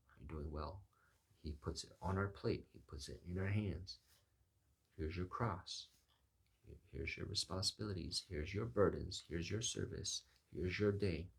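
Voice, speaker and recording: Low gravelly male preacher. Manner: acts out Bible figures in lively voices. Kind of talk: sermon.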